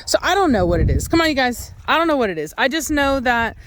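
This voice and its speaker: Lady talking loud in her yard, higher voice, phone recording with noise behind. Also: big pitch swings, quick pace, poor audio. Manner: loud, chatty, yells at her dogs. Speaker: vlogger and dog breeder. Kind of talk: casual outdoor vlog chat. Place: outdoors in a yard with dogs. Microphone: handheld phone camera.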